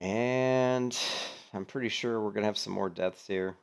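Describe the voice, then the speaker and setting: A man giving casual, rambling gaming commentary, animated, with lots of fillers and some swearing. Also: sits low, fast talker, creaky. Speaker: gaming streamer commentating on a hardcore game run.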